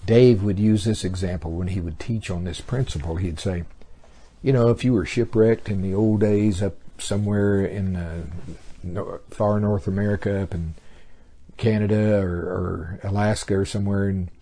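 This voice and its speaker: A man's voice: fairly low pitch, steady tone, moderate pace, dark tone, husky. A man preaching a sermon in a folksy storytelling way, acting out little scenes as he goes. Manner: folksy storytelling, acts out characters.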